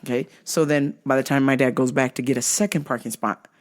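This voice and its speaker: A woman's voice: extremely low pitch, steady tone, fairly quick. A woman hosting a comedy podcast, telling a story with profane, exaggerated delivery. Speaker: podcast host.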